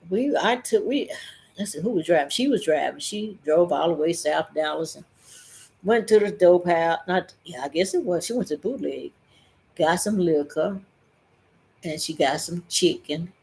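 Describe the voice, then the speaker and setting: A middle-aged woman, telling a personal story in a lively way and acting out the voices of the people in it. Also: lowish voice, measured pace, vocal fry, husky. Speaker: vlogger.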